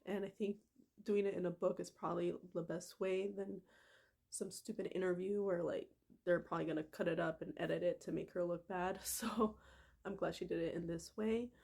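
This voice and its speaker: This woman's lowish, darkish voice carries vocal fry and a breathy edge, with fairly even intonation at normal speed. In her casual emotional vlog she reads passages aloud and talks in a gushing, filler-packed way, saying "like" and "freaking" a lot.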